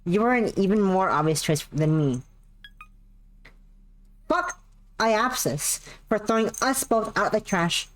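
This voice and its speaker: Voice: medium pitch, lively intonation, takes it slowly, pauses often. A streamer putting on a brash, teasing young woman pilot. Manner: taunting, blunt. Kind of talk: visual novel dialogue read aloud.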